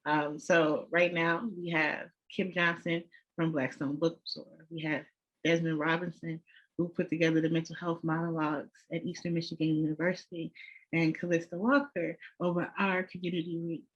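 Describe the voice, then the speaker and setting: A panel moderator with a mid-range voice introduces the guests and asks them questions. The tone is measured and friendly, and the audio sounds dull and lo-fi. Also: medium pitch, level tone, fairly bright tone.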